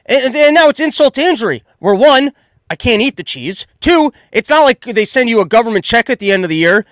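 A man in his thirties hosting a solo podcast, loud and exasperated as he rants in comedic commentary. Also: very high-pitched, very animated, a little fast, no room sound. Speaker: podcast host.

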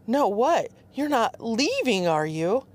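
A woman putting on a high, melodramatic damsel. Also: sing-song, takes it slowly, exaggerated voice. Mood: pleading. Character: melodramatic young woman, pleading and fragile.

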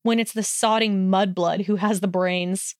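A contemptuous young man who snarls and sneers at everyone, as a woman reads him aloud. The voice stays smooth and close, with no room sound around it. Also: medium pitch, fairly even intonation, a little slow, a little mellow, no room sound, close to an everyday voice. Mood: snarling. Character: sneering hostile young man, snide bully.

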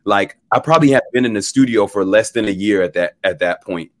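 This young man, a musician on an interview show, tells a story in a laid-back, lively way, often laughing and voicing what people said. His voice is on the low side and a little fast, and the recording is dry.

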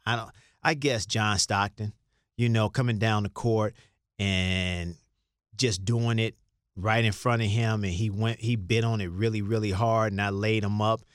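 An older Chicago man, a former basketball player appearing as a guest, rambles through stories in a casual interview, restarting often and acting out quoted lines. His voice sits on the low side with fairly even intonation, a slightly slow pace, and a clear, resonant tone. The recording is clean studio sound with no echo.

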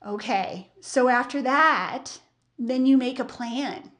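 A woman's voice: high-pitched, takes it slowly, a bit bright. A woman hosting a casual solo podcast, a bakery owner telling a story in a candid, chatty way with many fillers.

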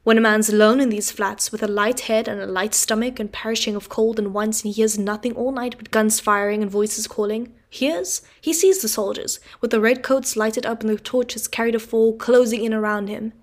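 A woman voicing a gruff, starving male convict who speaks loudly and urgently, with a gravelly voice. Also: a little high, fairly even intonation, moderate pace, few pauses, close to an everyday voice. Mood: haunted. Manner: loud, rough and urgent.

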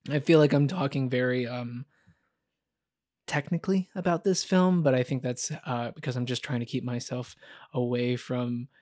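A man's voice: mid-range voice, fairly even intonation, moderate pace, darkish tone, no echo. This man co-hosts a film podcast in a loose, candid ramble, leaning on fillers as thoughts form. His voice sits in an ordinary middle register. The sound is dry and close. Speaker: podcast co-host. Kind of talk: casual film chat.

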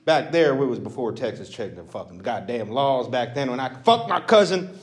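A man performs a lightly acted stand-up bit as a crude, rambling Texas redneck, his drawling patter full of self-mockery. His medium-pitched voice is sing-song and a little fast.

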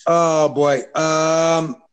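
A man's voice: a little high, flat delivery, very slow, slight background noise. A young man co-hosting a casual sports podcast, hesitant and thinking aloud. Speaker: podcast co-host.

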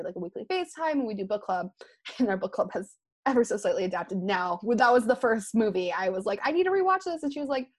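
A young adult woman hosting a podcast in a casual, chatty and animated way, with lots of "like" fillers. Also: mid-range voice, no room sound. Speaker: podcast host.

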